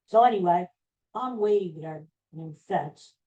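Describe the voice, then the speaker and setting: A man slowly retelling a personal story in a rambling, halting way, with frequent restarts. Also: high voice, expressive, mellow, highs cut off.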